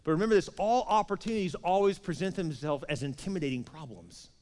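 A man delivers a sermon at a rapid clip, acting out the dialogue of a story and dropping in jokes along the way. His voice sits high for a man. The sound rings with the long reverb of a church hall. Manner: storytelling with acted-out dialogue, animated and joking. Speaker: pastor.

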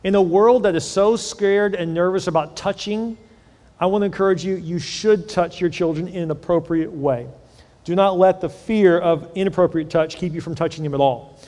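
A middle-aged man preaching a sermon as a pastor, conversational and animated, often repeating words as he tells stories. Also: sits high, moderate pace. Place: large church hall. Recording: long hall reverb.

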